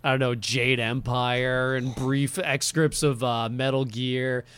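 A man's voice: medium pitch, level tone, takes it slowly, a bit bright, clear, resonant tone. A man co-hosting a podcast in casual chat, rambling with lots of fillers and frequent laughs. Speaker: podcast co-host.

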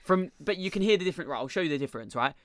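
Young guy giving advice, slangy and keen, voice a bit high, dry room. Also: animated, rapid-fire, no room sound. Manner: enthusiastic, slangy, demonstrative. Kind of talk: casual advice chat.

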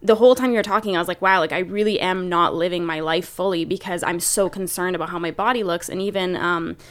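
Young female podcast host; easygoing, reflective conversational read. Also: on the low side. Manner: relaxed, reflective, quick to agree and laugh along. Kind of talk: casual chat.

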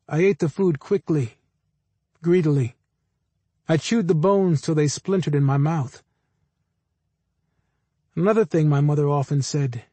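A man narrating a first-person audiobook in a plain, even storytelling manner. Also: on the high side, a little slow, pauses often, no echo.

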